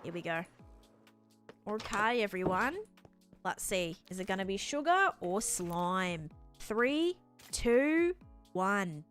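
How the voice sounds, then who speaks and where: A woman's voice: medium pitch, animated, slow, long pauses, a bit bright, soft background music. An Australian woman chatting on a live game stream, thinking aloud as she builds and answers her chat.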